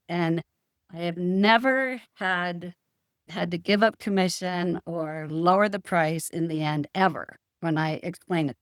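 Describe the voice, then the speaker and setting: A middle-aged woman, a real estate professional, telling stories in a calm, assured way in a casual interview. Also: lowish voice, a little slow, dry recording, clean studio sound. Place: California.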